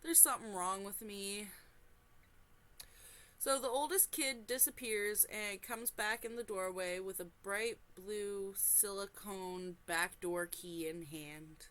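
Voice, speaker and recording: A woman reads a forum story aloud at an unhurried pace, her voice bright and forward. She keeps stopping for animated, exclaiming asides and apologies. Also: medium pitch. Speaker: reaction channel host.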